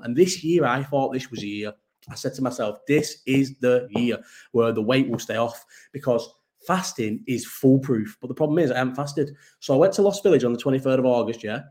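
Man in his thirties, rambling live-chat host, sweary, self-mocking, mid-pitched voice. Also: darkish tone. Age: 30s. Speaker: podcast host.

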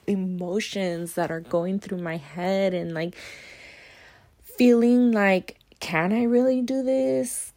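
A woman's voice: mid-range voice, a little mellow. A young adult woman hosting her own podcast, talking candidly and emotionally about hard times, with many fillers and some swearing. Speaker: podcast host. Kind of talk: personal monologue.

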